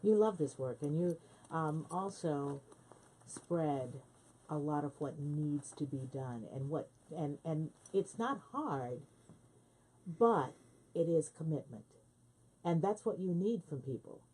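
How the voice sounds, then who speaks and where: Woman radio host, low voice, very lively pitch, husky. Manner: affirming, quick interjections. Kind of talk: casual radio interview talk. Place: radio studio.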